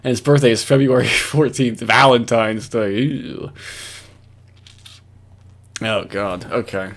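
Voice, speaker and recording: A man's voice: medium pitch, steady tone, slow pace, fairly bright tone. A man hosting reaction commentary, ranting in a profane, exasperated way. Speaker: commentary host.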